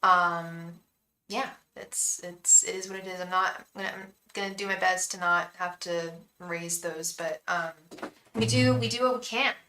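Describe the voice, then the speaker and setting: A woman's voice: fairly low pitch, fairly even intonation, a little slow, bright, forceful tone, reverberant, rough recording. A young woman from the Bay Area hosting a live tarot stream, chatting casually, venting about her day and chanting a repeated invocation to spirit guides. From San Francisco Bay Area.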